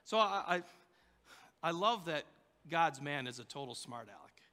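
A man's voice: a little high, lively intonation, normal speed, sharp tone, long reverb tail. A man preaching a sermon, telling a story in a loose, conversational way with fillers and restarts. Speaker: pastor.

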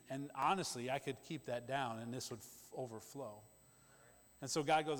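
A man preaching a sermon in a conversational, emphatic way, with quick asides to the congregation. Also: medium pitch. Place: church sanctuary. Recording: long church-hall reverb.

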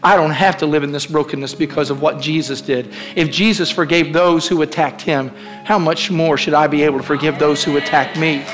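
A man's voice: a little high, steady tone, brisk, fairly bright tone, faint music behind. A male pastor preaching a fervent sermon, with repeated calls to the congregation.

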